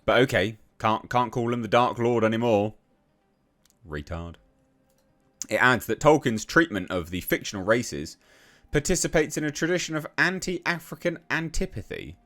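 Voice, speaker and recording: A man's voice: mid-range voice, expressive, normal speed, fairly bright tone. An English man giving ranting commentary on a news article, reading passages aloud and then reacting with blunt, profane scorn. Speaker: online commentator.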